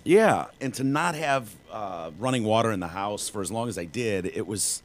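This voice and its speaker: A man's voice: lowish voice, lively intonation, normal speed. A man co-hosting a podcast in casual chat, rambling with lots of fillers and swearing. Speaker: podcast co-host.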